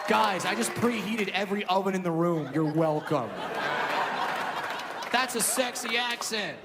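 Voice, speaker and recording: A man performing a stand-up comedy routine, loud and animated, shouting his punchlines. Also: high-pitched, unhurried. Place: live comedy venue with audience. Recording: live hall with crowd and background noise.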